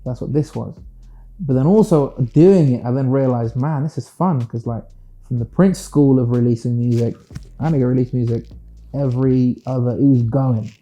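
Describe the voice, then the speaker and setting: Dark-voiced British man musing. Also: medium pitch, normal speed. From United Kingdom. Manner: reflective, slips into quoted voices and playful asides. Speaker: singer-songwriter guest. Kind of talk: casual interview answers.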